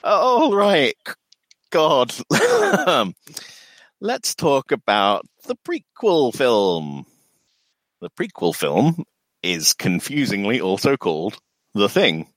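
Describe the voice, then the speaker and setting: Male podcast co-host, lively delivery, self-deprecating jokes, close dry mic. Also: mid-range voice, takes it slowly, no room sound. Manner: dry, self-deprecating humor with frequent laughs. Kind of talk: casual podcast banter.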